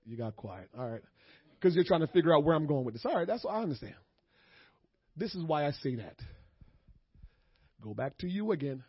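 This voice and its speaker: A man, preaching a sermon to his congregation, dropping to low murmurs and then rising to shouted preaching. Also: very animated, fairly quick, pauses often, husky, no room sound. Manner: calls out to the congregation. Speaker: pastor. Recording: dull, lo-fi sermon audio.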